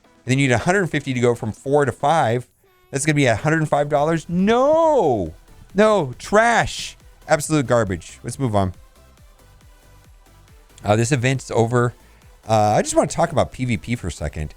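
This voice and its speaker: A man's voice: medium pitch, expressive, fairly quick, pauses often, dry recording, faint music behind. A man hosting a casual game video, reviewing store offers with blunt verdicts and laughs. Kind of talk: casual commentary.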